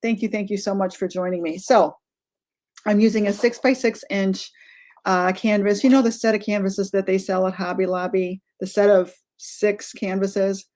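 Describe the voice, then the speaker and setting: A middle-aged woman hosts a live-streamed craft tutorial, chatting casually, greeting viewers by name, often drifting off-topic and correcting herself. Her mid-range voice is steady, darkish and moderately paced.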